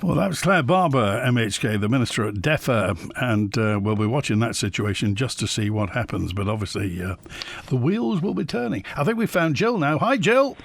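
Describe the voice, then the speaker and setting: A man's voice: mid-range voice, expressive, moderate pace, vocal fry. A man hosting a radio phone-in, chatting with and interjecting to a caller. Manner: conversational, interjecting.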